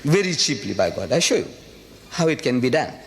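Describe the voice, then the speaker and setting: A man's voice: medium pitch, very animated, fairly quick. An older man from South Africa giving an impassioned, rhetorical lecture to a live audience, repeating phrases for emphasis. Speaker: public speaker. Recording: echoey hall with faint hiss.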